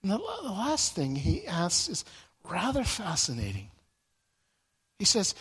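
Halting male preacher in a reverberant hall. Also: high voice, huge pitch swings, fairly bright tone, husky. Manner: halting, with frequent repeated words and restarts. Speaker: Bible teacher. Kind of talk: sermon-style Bible teaching. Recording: long reverb in a large room.

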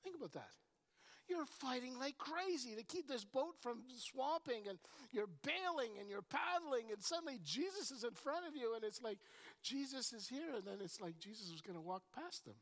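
A woman preaching a sermon, telling the story with animated energy and often repeating words as she starts a thought. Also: fairly high pitch, moderate pace. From Canada. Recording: long reverb in a large hall.

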